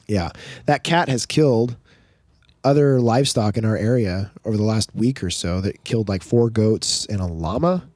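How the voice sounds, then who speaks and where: A man's voice: lowish voice, moderate pace, a little mellow, no room sound, studio quality. A man in his thirties on a podcast, telling a family story and acting out his kids' lines. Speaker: podcast co-host. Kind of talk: casual storytelling chat.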